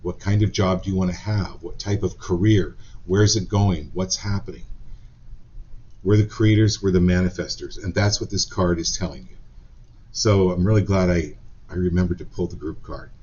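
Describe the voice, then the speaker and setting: A man hosting a live-stream card reading, talking gently and encouragingly with frequent ums and restarts. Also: deep voice, moderate pace, lo-fi sound. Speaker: psychic card reader.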